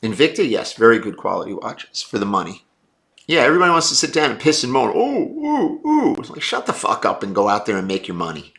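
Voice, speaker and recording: A man's voice: fairly low pitch, big pitch swings, fast talker, gravelly, a bit bright. A man hosting a casual live stream, answering viewer chat in a blunt, brash and profane way.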